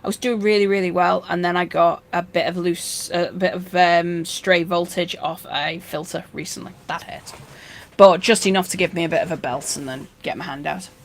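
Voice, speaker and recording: A woman's voice: on the low side, fairly even intonation, moderate pace. A woman hosting a fishkeeping channel, talking in a casual, rambling way with dry jokes and anecdotes. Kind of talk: casual chat.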